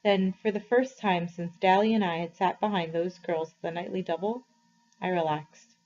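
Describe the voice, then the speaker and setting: Woman teacher, novel read-aloud for students, measured and expressive, dull lo-fi sound. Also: fairly low pitch, a little hiss or hum. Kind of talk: reading a novel aloud to a class. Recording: slightly muffled, dull recording.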